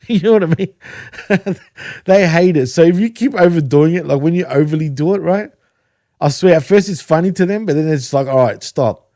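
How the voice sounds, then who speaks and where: A man's voice: on the high side, moderate pace, mellow, no room sound, clean studio sound. An Australian man co-hosting a podcast, chatting casually, swearing freely and laughing often. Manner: swears often, laughs a lot, says bro and dude. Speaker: podcast co-host. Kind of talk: casual chat.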